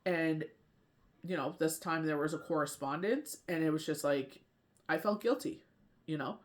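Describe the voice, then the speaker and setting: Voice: medium pitch, moderate pace. A tarot reader and medium in a casual spiritual talk, rambling and often asking "you know what I mean".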